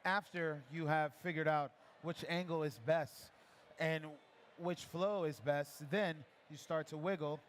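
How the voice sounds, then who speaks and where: A man's voice: a little high, steady tone, a little hiss or hum. Upbeat coaching barista man. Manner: encouraging, chatty, gives quick pouring cues. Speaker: barista instructor. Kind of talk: live demo coaching. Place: coffee festival demo area.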